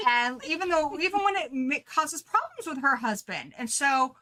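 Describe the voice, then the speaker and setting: A woman's voice: high voice, sing-song, normal speed, pushed and bright. A woman co-hosting a book club chat, talking casually and animatedly and often laughing at herself.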